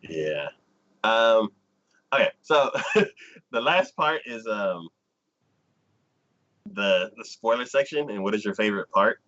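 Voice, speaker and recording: Man, slow hesitant talk, lively up-and-down pitch, muffled lo-fi sound. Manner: hesitant, with many fillers, laughs often. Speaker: co-host. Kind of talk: casual livestream chat. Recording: dull lo-fi stream sound.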